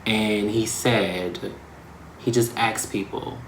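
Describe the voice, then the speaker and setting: A man hosting his own vlog, talking in a casual, reflective way, slangy and expressive. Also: on the low side, a little slow, roomy sound, a little hiss or hum. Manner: slangy and expressive, breaking into laughs. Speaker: vlog host.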